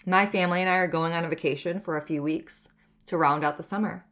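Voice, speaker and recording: Hosting her wellness podcast, a woman in her thirties speaks quickly in a lowish, steady voice with a fairly bright tone. Her solo talk is candid and reflective, with frequent uses of "like" and "you know."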